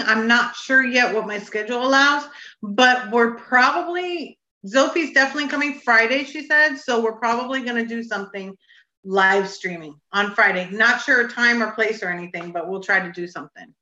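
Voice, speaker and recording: Chatty lady on a live stream, bright sharp voice, echoey room, kinda dull sound. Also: fairly high pitch, moderate pace. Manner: chatty, rambling, many fillers. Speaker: host of a vape review channel. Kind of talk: casual live stream chat.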